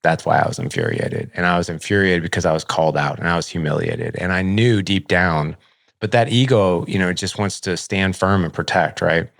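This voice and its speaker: A man's voice: low-pitched, a little fast, vocal fry, a bit bright, no room sound, studio quality. A middle-aged man, a podcast host, candidly telling a personal story in a casual, conversational way, full of "like" and acted-out dialogue. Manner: heavy use of filler "like", acts out dialogue.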